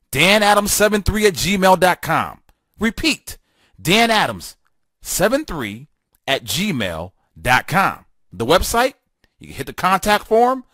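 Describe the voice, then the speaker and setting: A man's voice: a little high, pushed and bright, no echo, studio quality. Fiery, emphatic male talk host. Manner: fiery, emphatic and repetitive, with stammered restarts. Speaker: political talk show host. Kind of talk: solo talk radio monologue.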